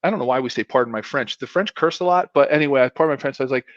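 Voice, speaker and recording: A man's voice: mid-range voice, very fast, no echo. Rambling man with a muffled sound. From South Philadelphia, US. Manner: rambling, self-deprecating, many restarts and fillers. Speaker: guest, former pro football player. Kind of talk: casual storytelling interview. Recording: dull, muffled sound, dry.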